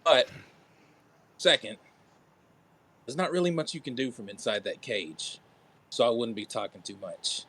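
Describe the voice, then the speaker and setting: A man's voice: mid-range voice, expressive, unhurried, long pauses, a bit bright, breathy edge. A man voicing a cocky young male red panda monk knight who is smart-mouthed and defiant.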